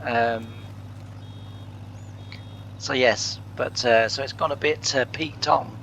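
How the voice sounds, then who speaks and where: A man's voice: medium pitch, steady tone, slow pace, gravelly, a bit bright, a little hiss or hum. A man hosting a farming game let's play from his living room, chatting casually with lots of fillers and chuckles. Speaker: gaming channel host.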